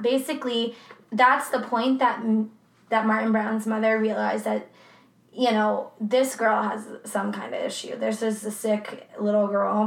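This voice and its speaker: Woman true crime co-host, higher voice, loose and profane, roomy sound. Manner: casual, laughing, swears freely. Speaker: podcast co-host. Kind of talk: true crime podcast chat.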